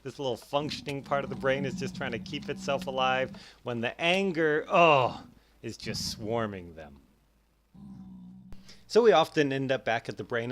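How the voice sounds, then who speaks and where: A man explaining psychology in a casual, animated way over gameplay, acting out his own thoughts in quick bursts. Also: medium pitch. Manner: animated, acts out his own inner voices. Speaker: educational YouTuber.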